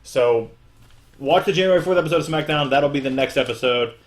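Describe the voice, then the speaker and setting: A man's voice: mid-range voice, a little fast. A young man hosting a podcast in casual chat, recapping at length with many fillers. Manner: rambling recap full of fillers. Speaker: podcast host.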